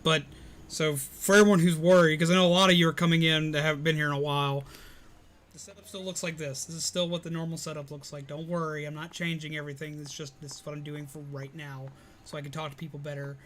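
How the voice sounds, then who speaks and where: A man's voice: fairly high pitch, flat delivery, fast talker, a bit bright. A man in casual live-stream chat, answering viewer comments while recovering from illness. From Alabama, US.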